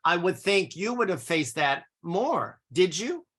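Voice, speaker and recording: An older male host with a high, bright voice leads a live-streamed conversation. He is chatty and opinionated, and he likes to tease his guests. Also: sing-song, a little slow, breathy edge. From East Los Angeles.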